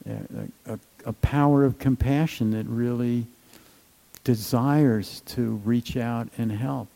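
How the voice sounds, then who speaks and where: Man giving a meditation talk, slow and gentle, lots of "you know", rough gravelly tone. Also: medium pitch, fairly even intonation, low-quality recording. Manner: gentle, unhurried, with many fillers and trailing phrases. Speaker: meditation teacher.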